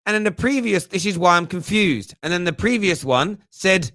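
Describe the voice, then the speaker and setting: A man's voice: high voice, expressive, moderate pace, sharp tone, dry recording, studio quality. Chatty man hosting a phone-in. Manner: chatty, self-mocking, thinks aloud. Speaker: host of a fan phone-in show. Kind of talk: casual live-stream chat.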